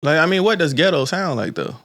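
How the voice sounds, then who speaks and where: A man hosting a casual podcast chat, animated and swearing freely. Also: on the high side, fast talker. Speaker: podcast host.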